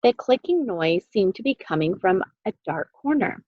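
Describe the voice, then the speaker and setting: A woman reading a children's book aloud with expressive, animated storytelling. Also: medium pitch, normal speed, dry recording, highs cut off. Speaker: reader.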